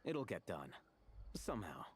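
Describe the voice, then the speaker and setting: An actor playing a calm, aloof young male scholar in a video game, dry and deadpan. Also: low voice, measured pace, breathy edge, exaggerated voice. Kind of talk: game voice acting.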